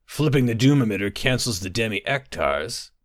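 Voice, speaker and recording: A man's voice: on the low side, expressive, normal speed, no echo, clean studio sound, close to an everyday voice. A man voicing a dismissive older male dwarven engineer who scoffs and lectures. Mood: musing. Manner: brusque, scoffing.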